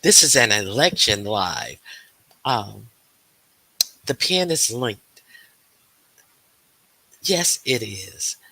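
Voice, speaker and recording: Male livestream host, relaxed unhurried pace, bright tense tone, chatty, greets viewers one by one. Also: lowish voice, vocal fry, dry recording. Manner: greets viewers by name, chatty with many fillers. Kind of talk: casual livestream chat.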